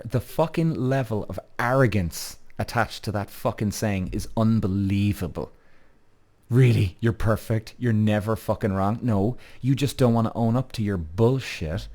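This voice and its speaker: Blunt, swearing podcast host. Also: male voice, mid-range voice, darkish tone. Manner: blunt, emphatic, acts out quoted voices; repeatedly asks "right?" as a tag. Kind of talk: candid monologue with frequent swearing.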